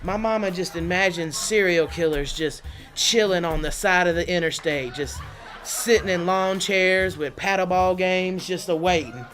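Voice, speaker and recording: A woman doing a stand-up comedy set in a studio, animated and chatty, laughing often through her lines. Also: fairly low pitch, moderate pace, faint music behind. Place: studio under lights.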